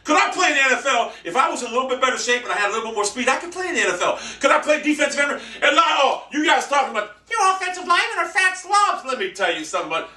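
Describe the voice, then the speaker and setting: A man's voice: very high voice, expressive, rapid-fire, hardly any pauses, bright, forceful tone, distant mic. Brash, profane man ranting. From United States. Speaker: vlogger. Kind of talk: ranting monologue. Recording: echoey room, off-mic.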